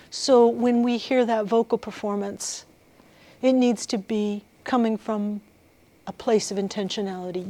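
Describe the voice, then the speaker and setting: Woman, guest lecturer, lively, asks the audience questions, dry close sound. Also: a little high, no echo. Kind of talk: workshop lecture to music students.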